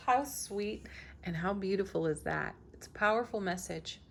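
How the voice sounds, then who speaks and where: A woman host giving a daily tarot reading, speaking in a slow, soothing and affirming way, with soft laughs between cards. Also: medium pitch, expressive, vocal fry, slight background noise. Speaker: tarot reader, channel host.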